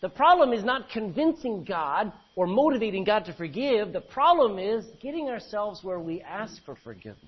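A husky, high-pitched man preaches a sermon. He reads verses aloud and explains them, putting questions to the congregation. The recording sounds muffled and lo-fi. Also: big pitch swings, normal speed, hardly any pauses. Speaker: pastor. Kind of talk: expository sermon reading scripture.

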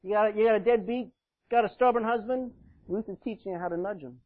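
A male pastor preaching a sermon, swinging between loud emphasis and hushed asides. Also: high voice, quick pace. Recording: dull, lo-fi sound.

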